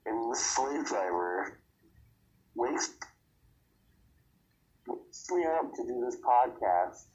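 Sick, tired man co-host, hoarse, grumbles through casual podcast chat, radio-like sound. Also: medium pitch, animated, slow pace, pauses often, a little mellow, muffled recording. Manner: grumbling, complaining.

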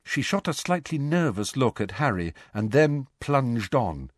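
A man narrating an audiobook with an expressive, lively reading. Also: mid-range voice, unhurried, no room sound, clean studio sound. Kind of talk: scripted narration.

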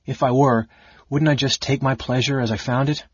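A man reading an audiobook, voicing a cold, sardonic male mage who speaks softly and evenly. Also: mid-range voice, fairly even intonation, slightly rough, no echo, muffled recording, natural voice. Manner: soft, measured, icy.

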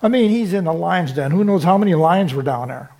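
High-voiced male preacher. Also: expressive, brisk, creaky, mellow. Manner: teaching, with frequent rhetorical check-ins to the congregation. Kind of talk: sermon.

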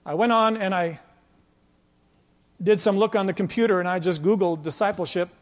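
A man preaching a sermon as pastor, emphatic, with passages that drop to a quiet, intense tone. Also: sits high. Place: church sanctuary. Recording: long church hall reverb.

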